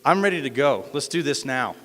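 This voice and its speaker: A man's voice: mid-range voice, very animated, a little fast, a bit bright. A man voicing a bold young hero in a retold myth, speaking plainly and with determination. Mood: determined. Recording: echoey hall.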